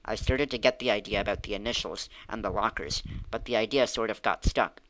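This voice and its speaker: A man reading aloud, voicing an excited, curious young boy in a children's storybook. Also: fairly low pitch, a little hiss or hum, lightly acted, low-quality recording. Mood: eager. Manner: eager, quick bursts.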